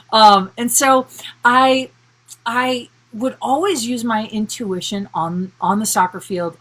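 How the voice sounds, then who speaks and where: A woman's voice: mid-range voice, a bit bright. A young woman hosting a live stream as a body-focused coach, chatting casually with viewers, laughing and acting out worried voices. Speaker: somatic intuitive coach, live stream host.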